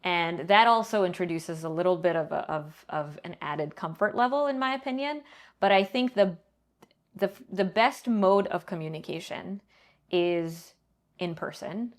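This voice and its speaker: A middle-aged woman answering interview questions in a measured, explanatory way, often pausing to check in with "right?". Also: on the low side. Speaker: guest, banking leader and professor.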